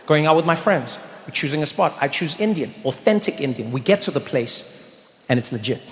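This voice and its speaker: A man doing stand-up comedy, telling stories with animation and bursting into loud shouts. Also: fairly high pitch, expressive, brisk. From South Africa. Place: large theater stage. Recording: reverberant hall, faint noise.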